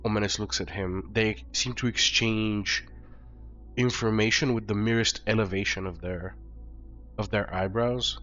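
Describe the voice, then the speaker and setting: Hoarse gm guy narrating, lowish, rambly, muffled sound with quiet music. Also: fairly even intonation, unhurried. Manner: loose, filler-heavy narration. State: hoarse from flu. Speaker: game master. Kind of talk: narrating a tabletop game. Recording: dull lo-fi recording, faint music.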